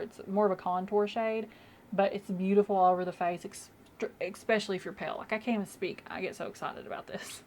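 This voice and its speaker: A young woman chats and rambles through a casual get-ready-with-me video while doing her makeup at home, using many fillers. Her voice sits fairly low, and there's a bit of hiss or hum.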